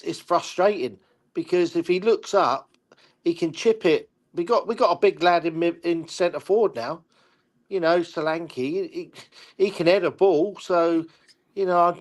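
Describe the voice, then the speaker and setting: Halting older man, former player. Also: on the high side. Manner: halting, repeats words, frustrated. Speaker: guest pundit, former player. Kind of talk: casual football discussion.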